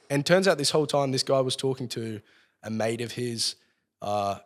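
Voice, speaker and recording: A man's voice: mid-range voice, fairly even intonation, normal speed. An Australian man telling a long story as a podcast guest, swearing constantly and rambling as he goes. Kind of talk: casual storytelling. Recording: long hall reverb.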